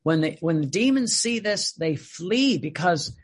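A man with a husky, slightly high voice gives a devotional talk. He speaks in halting bursts, often stopping to restart his sentences and filling the gaps with "uh" and "and". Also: animated. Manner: halting, many fillers and restarts. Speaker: religious speaker.

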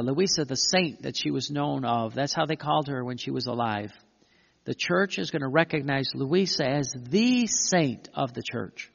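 A man preaching a sermon, reading passages aloud and commenting on them with emphatic phrasing and frequent pauses. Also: fairly high pitch, creaky, fairly bright tone. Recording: dull lo-fi recording with long hall reverb.

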